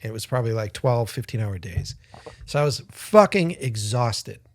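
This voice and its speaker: A man with a medium-pitched voice and moderate pace co-hosts a podcast. He tells a rambling, profane story in a lively way, acting out the voices of the people in it.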